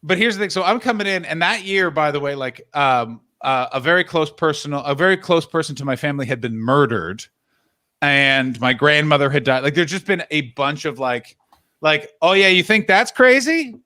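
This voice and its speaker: A man hosts a casual live stream, talking in loose, rambling stories. His voice sits a little high. He keeps breaking off into asides, and it sounds like a video call. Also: moderate pace, bright, forceful tone. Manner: rambling storyteller, many restarts and asides. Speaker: streamer and host. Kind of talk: casual chat.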